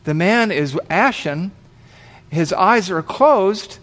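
Guy preaching, slightly high voice, tells the story dramatic, acts out the voices. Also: lively intonation, takes it slowly, a bit bright. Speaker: pastor. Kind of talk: sermon illustration storytelling.

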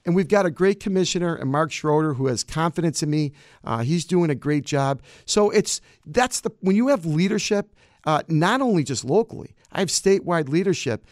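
A man's voice: a little high, lively intonation, normal speed, darkish tone, dry recording, clean studio sound. A man, a county clerk answering campaign interview questions in an emphatic, combative way.

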